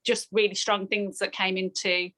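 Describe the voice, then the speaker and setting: A woman's voice: mid-range voice, little pitch movement, normal speed, fairly bright tone. Thoughtful woman sharing in a group. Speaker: group member.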